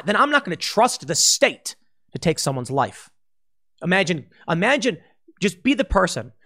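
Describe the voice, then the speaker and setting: A man delivering a political commentary monologue with a slightly raised pitch. He argues bluntly and casually, now and then slipping into mocking voices to make his point. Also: fairly bright tone. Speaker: host.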